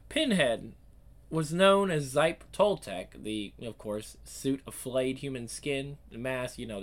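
A man's voice: medium pitch, pushed and bright. A man reading comics aloud and breaking off for rambling, enthusiastic fan commentary full of fillers. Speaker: reader and commentator.

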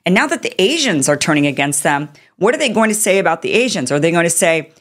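A woman with a lowish voice runs a political commentary show. She speaks with indignant, sarcastic force. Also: very animated, fast talker, hardly any pauses. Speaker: commentary host.

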